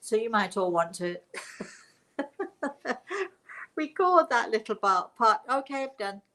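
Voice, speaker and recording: A woman's voice: fairly high pitch, very animated, slow, bright, forceful tone, low-quality recording. An older woman, host and spiritual medium, chatting casually on a live stream, rambling and laughing often.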